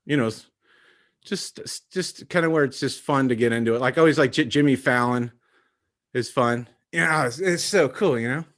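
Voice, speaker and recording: A man's voice: medium pitch, normal speed, fairly bright tone. A man who does impressions, a guest on a podcast, talking casually in a rambling way full of filler phrases. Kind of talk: casual chat.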